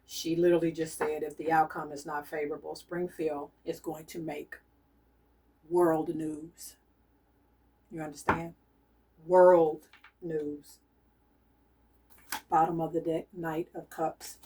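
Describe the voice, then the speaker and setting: A woman reads tarot cards on camera, relaying messages as a medium. Her voice sits slightly low and she speaks softly, circling back to the same warnings again and again. She sounds a bit distant from the microphone. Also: flat delivery, slow pace, pauses often, a little hiss or hum. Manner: soft-spoken, repeats her urgings insistently. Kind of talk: channeled tarot reading.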